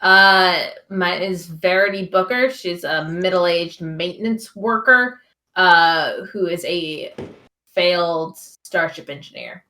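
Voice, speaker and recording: Woman, player, low voice, halting, frequent uh. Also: bright, forceful tone. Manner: halting, many "uh"s.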